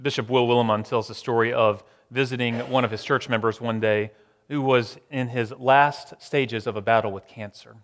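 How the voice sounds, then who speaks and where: A man preaching a sermon, moving between raised emphatic lines and hushed, slow repetitions. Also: mid-range voice, fairly even intonation, long reverb tail.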